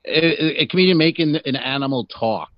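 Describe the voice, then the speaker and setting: A man's voice: a little high, expressive, brisk, no echo. A man co-hosting a comedy podcast over a video call, teasing and wry in casual banter. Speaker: podcast co-host. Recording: dry, dull lo-fi sound.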